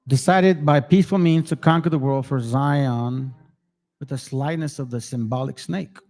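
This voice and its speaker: A man's voice: medium pitch, moderate pace, darkish tone, soft background music. A man hosting his own channel, talking casually and directly to viewers, swearing freely and calling them family. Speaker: channel host.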